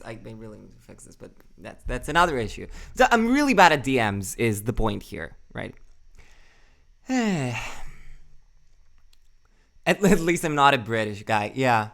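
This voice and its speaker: Young male streamer, casual and rambling, smooth resonant voice, salty and self-mocking. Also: medium pitch, a bit bright. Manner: rambling, swears a lot, answers chat; self-deprecating, laughs often. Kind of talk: casual live-stream chat.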